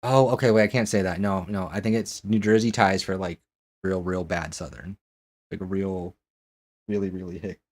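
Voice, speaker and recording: A man's voice: sits low, fairly even intonation, moderate pace. A man streaming a game and chatting casually with viewers, rambling with lots of restarts and questions.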